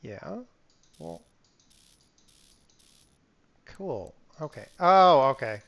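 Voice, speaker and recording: A man's voice: fairly high pitch, big pitch swings, drawn-out words, gravelly, a bit bright, lo-fi sound. A man casually commenting on a live game stream. He mutters to himself while playing, breaks into sudden exclamations and sniffles now and then.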